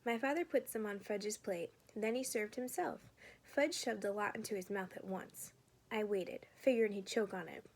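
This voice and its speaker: A woman, a teacher, reading a children's chapter book aloud in a steady, clear storytelling voice. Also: mid-range voice, moderate pace.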